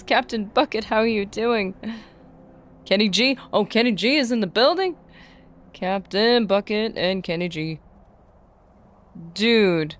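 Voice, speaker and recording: A woman livestreaming a game, chatting excitedly and casually with her viewers. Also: mid-range voice, slow pace, long pauses. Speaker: streamer. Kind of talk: casual livestream gaming chat.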